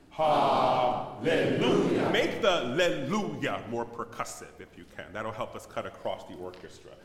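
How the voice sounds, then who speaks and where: A man leading a choir rehearsal, giving directive corrections to the singers. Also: medium pitch. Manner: directive, gives quick corrections. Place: large rehearsal hall. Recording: echoey hall from far off, loud choir and piano.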